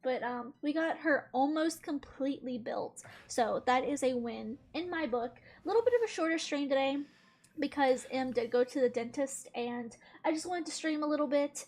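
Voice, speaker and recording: A woman with a high, bright voice chats casually on a game live stream. She talks in a loose, rambling way and breaks into giggles often. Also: moderate pace. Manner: giggly, chatty, laughs often.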